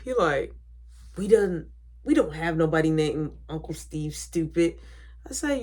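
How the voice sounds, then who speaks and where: Animated young woman telling a family story. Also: medium pitch, a little fast. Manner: animated, acts out quoted voices, drops to whispers. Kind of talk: casual storytime.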